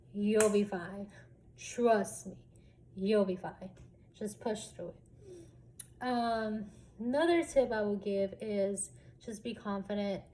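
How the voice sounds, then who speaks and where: Young female vlogger, candid and relaxed, slow delivery, warm mellow voice. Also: medium pitch, a little hiss or hum. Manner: candid, relaxed, lots of fillers and some swearing. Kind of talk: casual storytelling vlog.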